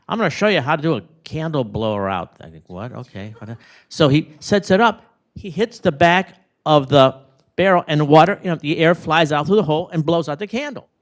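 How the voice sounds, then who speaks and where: Male eulogist, animated anecdotal storyteller, memorial setting. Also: medium pitch. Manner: rambling, animated anecdotes with acted-out quotes. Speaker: neighbor giving a eulogy. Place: room at a retirement community service.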